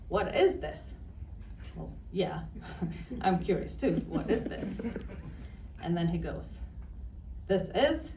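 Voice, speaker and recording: A woman telling a personal story with wry, deadpan timing, her pitch rising and falling a lot as she takes her time. Her voice sits back from the microphone in a roomy space with a faint murmur of ambience. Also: far from the mic, slight background noise.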